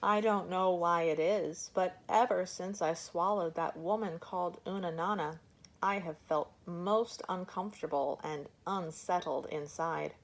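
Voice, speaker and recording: A woman's voice: on the low side, a little slow. A woman voicing a huge, lazy male elephant with one tusk who drawls his evasive answers. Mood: groaning.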